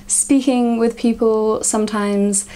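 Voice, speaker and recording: A woman's voice: on the high side, steady tone, slow, mellow. Chatty young Englishwoman vlogging. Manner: chatty, frequent "like" fillers. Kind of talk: casual vlog talk.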